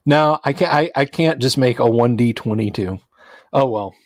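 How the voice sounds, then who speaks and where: A man's voice: mid-range voice, normal speed, no room sound, studio quality. A man hosting a casual livestream, chatty, reading viewer names aloud and laughing easily. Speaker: livestream host.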